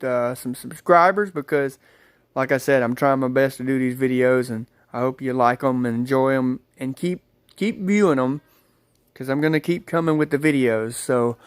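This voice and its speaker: A man's voice: mid-range voice, clean tone, no room sound. A man telling a rambling story to his viewers, repeating himself and calling them guys. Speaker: vlogger. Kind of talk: casual storytelling to camera.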